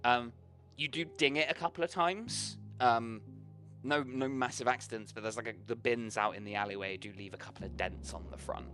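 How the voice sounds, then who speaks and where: A man's voice: mid-range voice, brisk, fairly bright tone, faint music behind. A man narrating and running a tabletop horror game as game master, loose and casual with swearing and filler ums.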